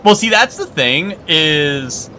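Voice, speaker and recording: A man's voice: on the high side, lively intonation, slow pace, sharp tone, faint music behind. A man streaming a game and chatting casually, rambling and playfully arguing with his chat. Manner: rambling, self-correcting, argues playfully with chat. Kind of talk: casual live-stream chat while gaming.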